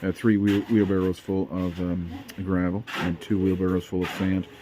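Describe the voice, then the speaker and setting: A man's voice: sits low, little pitch movement, moderate pace, background noise. A man chatting casually as a vlogger, rambling and hesitant, with many fillers and repeated words.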